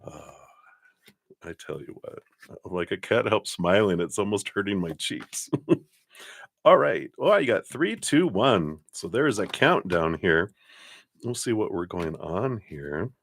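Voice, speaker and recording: A man giving tarot readings on a live stream, chatty and giggly, laughing often and talking warmly about spirit and love. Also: sits low, animated, a little slow, creaky, pauses often. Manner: warm, affirming, spiritual talk. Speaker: tarot card reader.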